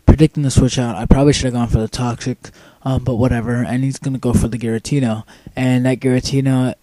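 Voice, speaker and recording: A man's voice: medium pitch, warm tone, no room sound. A young man giving casual, rambling commentary over a game he played, full of ums and offhand swearing. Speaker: gameplay commentator.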